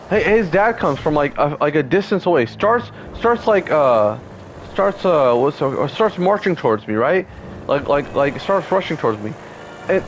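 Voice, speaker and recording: A man's voice: on the high side, a little hiss or hum, rough recording. A man in his twenties telling a painful personal story, heated, profane and upset, close to tears. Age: 20s. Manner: heated, profane, repetitive fillers.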